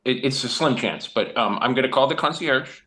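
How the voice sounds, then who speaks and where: A man playing a tabletop game, planning his move out loud with restarts. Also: medium pitch, fairly quick. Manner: thinking aloud, restarts. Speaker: player. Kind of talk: casual tabletop game play.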